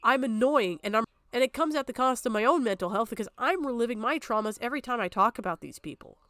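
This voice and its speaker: A woman's voice: on the high side, expressive, fast, fairly bright tone, dry recording. Tearful, upset young woman streamer. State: on the verge of tears. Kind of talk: emotional livestream talk.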